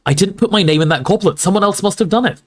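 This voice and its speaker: A man doing a defensive teenage boy wizard, pitched well above his own voice. He denies things insistently, growing sharper and angrier. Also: quick pace. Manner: insistent, increasingly angry denials.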